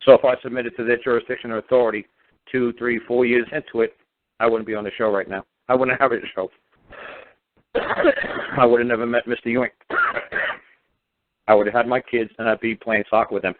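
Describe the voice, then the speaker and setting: A man's voice: medium pitch, steady tone, normal speed, a little hiss or hum. A man telling his story on talk radio, emphatic and intense, hammering points through repetition. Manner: emphatic, intense, repeats himself for force. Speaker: radio show guest speaker. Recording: tinny phone line.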